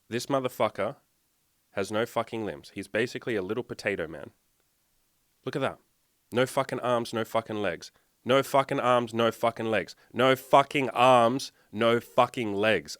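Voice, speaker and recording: A man's voice: fairly low pitch, a bit bright, dry recording, studio quality. A man, working as a dating and life coach, delivering a blunt, swear-filled motivational rant while sharing his screen. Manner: blunt, swearing constantly, fired up. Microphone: desktop mic, sharing screen.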